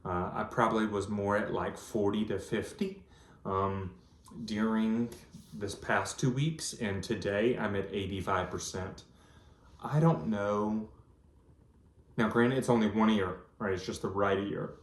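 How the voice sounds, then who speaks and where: Man in his thirties, low, echoey. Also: fairly even intonation, a little slow. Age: 30s. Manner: earnest, rambling storytelling with many ums. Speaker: vlogger. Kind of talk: casual personal vlog. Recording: echoey room.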